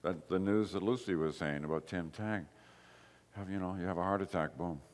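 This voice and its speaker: A man preaching a sermon as pastor, slow and emphatic, with repeated short phrases. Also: deep voice, big-room sound. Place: church.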